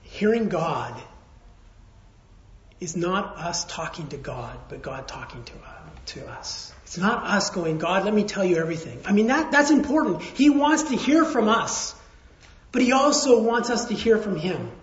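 A man pastor giving a sermon, telling stories in a conversational way, dropping to hushed tones and then rising again. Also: sits high, big pitch swings, unhurried. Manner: storytelling, conversational, swings from hushed to raised. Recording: roomy, slightly dull sound.

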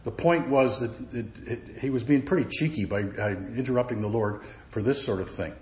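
A man teaching verse by verse from the Bible, halting often with fillers and repeated words. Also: medium pitch, a little mellow. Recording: roomy, dull recording.

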